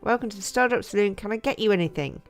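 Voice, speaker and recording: A woman's voice: medium pitch, animated, fast, faint music behind, close to an everyday voice. A woman reading aloud the lines of a friendly middle-aged male saloon owner from a farming game. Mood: welcoming. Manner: reading on-screen dialogue aloud.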